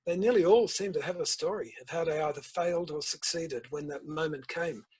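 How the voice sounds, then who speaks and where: Older aussie guy, kinda husky voice, tells stories slow and thoughtful in an interview. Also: a little high, a little mellow, rough recording. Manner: measured storytelling, tells anecdotes. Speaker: author and school principal, guest. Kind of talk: reflective interview conversation.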